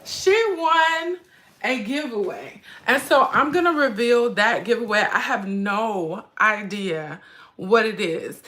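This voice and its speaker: A woman in her forties hosts a casual handbag livestream, chatty and emotional as she fights back tears and calls her viewers "y'all." Her medium-pitched voice is bright and forceful.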